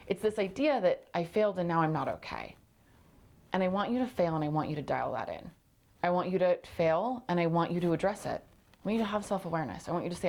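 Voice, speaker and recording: A woman's voice: on the low side, lively intonation, fast talker, creaky, a little mellow. A woman hosting a motivational solo podcast, talking emphatically and repeating phrases for punch. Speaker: podcast host.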